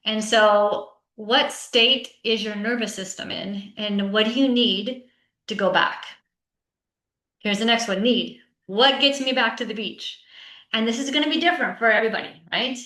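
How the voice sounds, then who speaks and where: A woman presents to teachers in an online session, speaking as a coach in an easy, conversational way. Her voice sits a little high and is bright and forceful. She often tags her points with a quick "right?" while the sound rings with a roomy echo. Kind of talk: conference talk to teachers.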